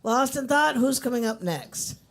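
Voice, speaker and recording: A woman's voice: high-pitched, animated, moderate pace. A woman hosting a live open mic in a coffee shop, chatty and upbeat as she plugs the drinks and introduces the next act.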